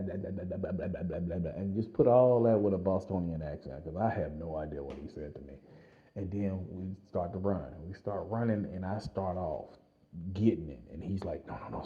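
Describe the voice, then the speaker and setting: A man vlogging, telling a personal story in a casual, animated way with frequent laughs and fillers. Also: deep voice, dull audio.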